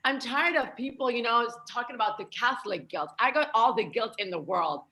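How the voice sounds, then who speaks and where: Stand-up comic, young woman from France, bright high voice, playful. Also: lively intonation, fairly quick. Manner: chatty, playful delivery with light laughter. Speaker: stand-up comedian. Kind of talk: stand-up comedy set.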